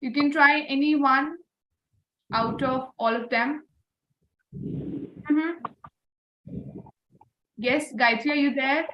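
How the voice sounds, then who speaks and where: A high-voiced woman runs an online speaking class. She is encouraging, keeps praising students and slips into Hindi now and then. Her voice has a roomy echo and faint noise behind it. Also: slow, pauses often, dull audio. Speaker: voice and communication trainer.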